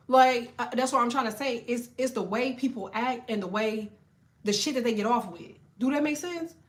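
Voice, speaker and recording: A woman tarot reader talks straight to the camera in a casual rant. Her voice sits somewhat high, and she tells her story in a blunt, heavily profane, animated way. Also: moderate pace.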